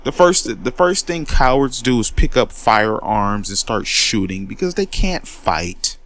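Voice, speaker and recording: A man's voice: mid-range voice, big pitch swings, measured pace, fairly bright tone. Fired-up man ranting, voice leaping around. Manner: confrontational, profane, repeats words when worked up. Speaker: commentary host. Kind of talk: heated monologue rant.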